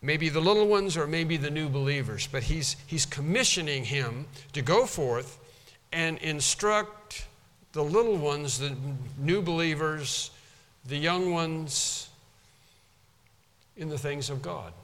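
A man preaching an expository sermon, earnest and halting, often repeating words for emphasis. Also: on the high side, fairly bright tone, long reverb tail.

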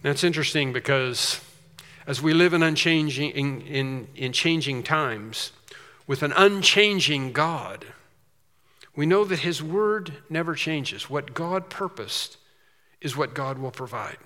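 A man preaching a sermon, slow and emphatic with quicker asides. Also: a little high, expressive, pushed and bright, big-room sound.

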